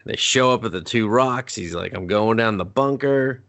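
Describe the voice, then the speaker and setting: A man's voice: on the low side, normal speed, creaky, fairly bright tone. A man co-hosting a casual movie review podcast, recapping the plot sarcastically and with lots of swearing. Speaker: podcast co-host.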